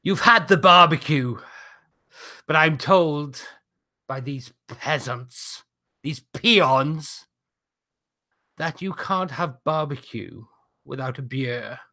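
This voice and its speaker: A man's voice: a little high, lively intonation, slow, long pauses, pushed and bright, exaggerated voice. A man doing a haughty rich heel wrestler. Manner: haughty, looks down on commoners. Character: pompous wealthy heel wrestler, sneering man. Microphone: video call.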